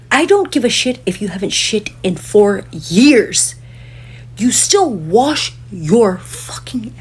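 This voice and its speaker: A woman's voice: fairly high pitch, breathy edge. A woman delivering a profane, indignant reaction rant as a commentator. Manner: indignant, swearing heavily.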